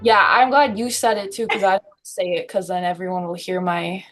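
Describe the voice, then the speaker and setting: A young woman comedian with a Minnesotan accent speaks at a middle pitch. She talks in a low-key, slightly self-conscious way. Faint music plays behind her. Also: brisk, fairly bright tone. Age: young adult. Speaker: comedian guest. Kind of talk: casual comedy podcast chat.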